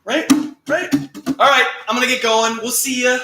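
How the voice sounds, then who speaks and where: Chatty man with a high voice over loud guitar. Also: steady tone, normal speed. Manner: chatty and self-deprecating, laughs often, plays and sings along on guitar. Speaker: livestream host. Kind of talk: casual livestream chat, reading viewer comments. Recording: roomy sound with loud guitar. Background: acoustic guitar playing.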